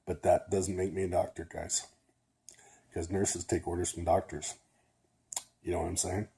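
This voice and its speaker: A man's voice: low-pitched, flat delivery, moderate pace, vocal fry, dark tone, husky. An older man, a retired nurse, talking casually to camera in a rambling way, a little nasal and often checking in with "okay?". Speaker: vlogger.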